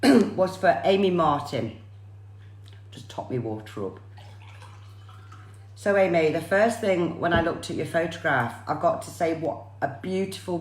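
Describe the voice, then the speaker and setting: Low-pitched woman, chatty psychic medium on a livestream, echoey room. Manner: chatty, repeats viewers' names often. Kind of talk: live-streamed reading for viewers.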